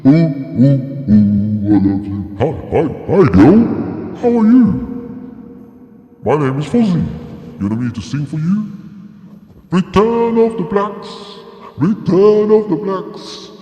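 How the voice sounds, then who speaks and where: A man's voice: a little high, big pitch swings, takes it slowly, mellow, lo-fi sound. A man voicing a hammy male stage crooner who sings off-key with mock-romantic flair. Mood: crooning. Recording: echoey clip with long reverb.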